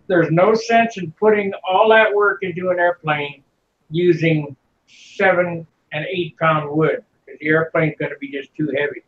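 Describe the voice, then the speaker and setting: High-voiced man, echoey muffled audio. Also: measured pace. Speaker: hangout participant. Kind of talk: casual chat.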